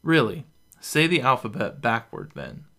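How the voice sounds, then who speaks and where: A man voicing a kind, patient young soldier who talks in a calm, gently teasing way for a story reading. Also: medium pitch, a little slow, heavily acted.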